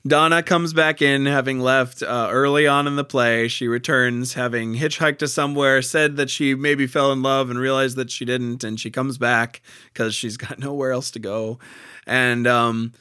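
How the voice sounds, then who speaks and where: A man with a bright, forceful and smooth voice, discussing a play in casual talk. He speaks haltingly, pausing and restarting as he gathers his thoughts. The sound is close and dry. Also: mid-range voice, steady tone, dry recording. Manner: halting, many fillers and restarts, laughs easily.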